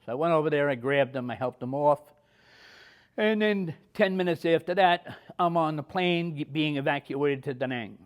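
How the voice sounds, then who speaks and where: A man's voice: fairly high pitch, normal speed. A man in his seventies, an army veteran, telling personal stories in a plain-spoken way. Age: 70s. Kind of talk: personal war storytelling.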